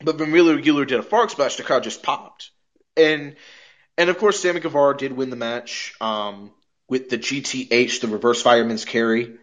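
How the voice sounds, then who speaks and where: A man co-hosting a podcast, recapping wrestling shows in an animated, casual way, swearing and laughing as he goes. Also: mid-range voice, moderate pace. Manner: animated storyteller, swears and laughs mid-sentence. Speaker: podcast co-host.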